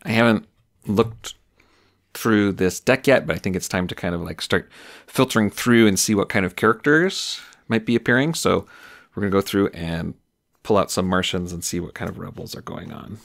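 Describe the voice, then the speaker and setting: Low gravelly dude narrating a solo tabletop game, rambly and musing. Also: male voice, normal speed, a bit bright. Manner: musing, loose, many fillers like "like". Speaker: game master.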